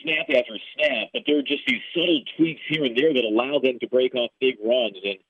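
A man's voice: medium pitch, steady tone, brisk, husky, dry recording. Chicago-accented man on a tinny phone line. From Chicago area. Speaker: play-by-play broadcaster. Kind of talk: podcast interview answers.

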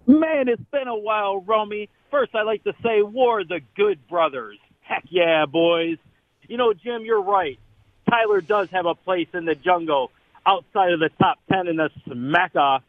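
A man's voice: high-pitched, measured pace, no echo. A man calling in to a sports radio show with brash trash talk. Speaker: caller. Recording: tinny phone line.

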